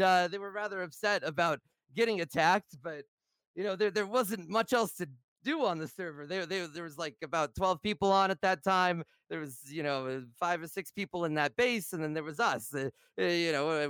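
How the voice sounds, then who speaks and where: A man who plays online games, calmly explaining his side of a dispute in casual talk, with light laughs. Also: sits high, clean tone, no echo. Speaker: online game player. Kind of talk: casual account of events.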